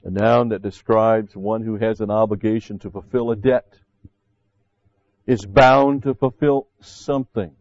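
Low-voiced preacher, dull dry recording. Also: male voice, steady tone, unhurried, a little mellow, no room sound. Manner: conversational preaching with frequent "see" and asides. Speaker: pastor. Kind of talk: sermon.

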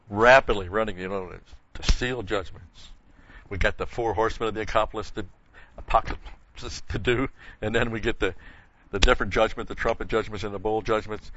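A man's voice: on the low side, fairly quick, pauses often, a bit bright, slight background noise. Folksy older male Bible teacher. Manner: folksy, digressive storytelling with chuckles. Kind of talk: Bible study lecture. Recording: muffled lo-fi recording.

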